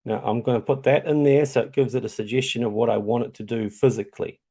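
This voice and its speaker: A man with a New Zealand accent talks through a tutorial in a loose, chatty way. His voice is mellow and gravelly, with a mid-range pitch. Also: fast. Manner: chatty, loose, many ums. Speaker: tutorial host. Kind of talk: casual screen-share tutorial.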